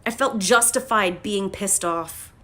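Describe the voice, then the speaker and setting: A woman's voice: mid-range voice, unhurried. Blunt, profane woman coach on a livestream. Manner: blunt and profane, swings into loud emphatic bursts. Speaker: life coach. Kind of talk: casual motivational livestream talk. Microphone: phone livestream.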